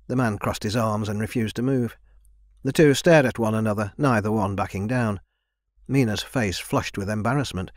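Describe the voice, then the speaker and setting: A man narrating a young adult fantasy audiobook in an even, measured reading. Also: on the low side, dry recording, studio quality. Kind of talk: scripted narration.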